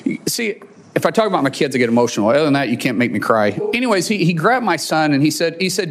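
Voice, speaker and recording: A middle-aged man, a father, telling a personal story in a heartfelt, halting way, choked up with emotion and restarting his sentences. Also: on the high side, very animated, slight background noise. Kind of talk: personal testimonial.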